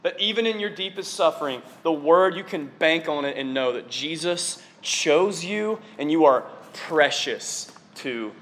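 A man preaching a sermon to his congregation in an excitable, conversational way, often dropping in casual fillers. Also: on the high side, measured pace, hardly any pauses, slight background noise. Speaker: preacher on staff.

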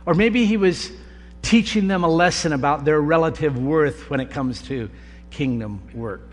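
A man preaching a sermon, with slow, deliberate delivery and emphatic pauses. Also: on the high side, soft background music. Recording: long reverb of a large hall, faint hum.

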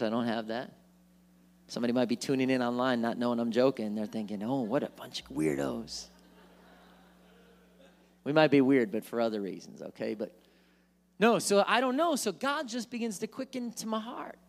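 A man preaching a sermon in church, animated, acting out worried voices and joking asides. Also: mid-range voice, vocal fry. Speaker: pastor. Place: church sanctuary.

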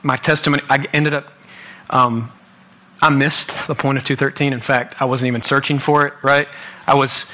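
A man's voice: medium pitch, flat delivery, normal speed, pushed and bright. A young man giving an earnest sermon at a church youth service, often repeating himself as he restarts. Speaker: guest youth speaker.

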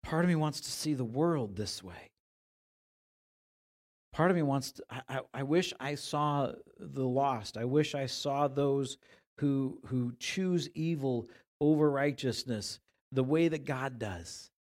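A man preaching a sermon in a conversational way, growing animated when he retells the passage in everyday words. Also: mid-range voice, takes it slowly. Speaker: pastor.

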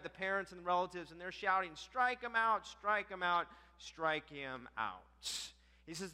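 A man preaching a sermon, telling a story with animated acted-out quotes. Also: high voice. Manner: animated, acts out quotes with rising voice. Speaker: pastor. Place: church sanctuary. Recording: church hall reverb.

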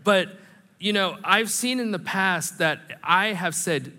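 A man delivers an animated, conversational sermon to his congregation, slipping in self-deprecating humor. His voice sits a bit high and rings bright and forceful. The sound carries a long reverb from a church hall. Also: slow. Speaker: pastor.

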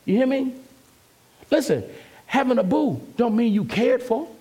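A man's voice: extremely high pitch, very animated, a little slow, warm tone, husky. A man preaching an emphatic, conversational sermon as a pastor and calling out to his congregation.

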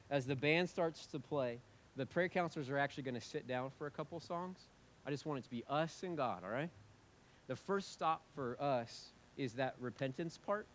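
A male pastor delivers a sermon in a church at a medium pitch. He preaches with earnest urgency, pushing loud on key points and easing into hushed prayer. A faint low rumble sits under the recording. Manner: earnest, building to loud emphatic passages then dropping to soft prayer. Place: church sanctuary with congregation.

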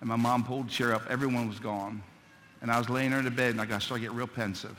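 A male pastor preaching a fervent sermon, building from quiet storytelling to loud shouted appeals. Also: medium pitch, fairly even intonation, fast talker, in a large hall, a little hiss or hum.

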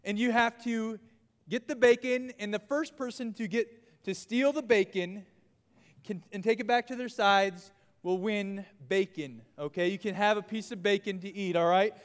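A man leading a youth group lesson in a playful, animated way, calling out to the crowd. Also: high-pitched, normal speed, clear, resonant tone. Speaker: youth pastor. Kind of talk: energetic youth group lesson with audience game. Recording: long hall reverb.

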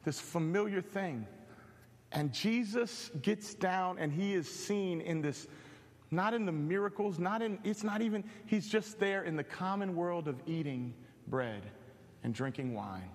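A male pastor preaching a sermon with animated, joking storytelling. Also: high-pitched, unhurried, in a large hall.

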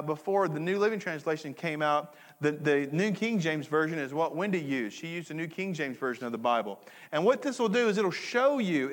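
A man's voice: high voice, fairly bright tone. A middle-aged man preaching a sermon to his congregation, talking conversationally, repeating key phrases and throwing questions back to the audience. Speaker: pastor. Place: church hall. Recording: long hall reverb.

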